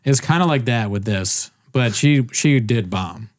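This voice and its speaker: A man's voice: mid-range voice, animated, unhurried, no room sound, clean studio sound. A man co-hosting a podcast in casual chat, jokey and laughing often. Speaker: podcast co-host.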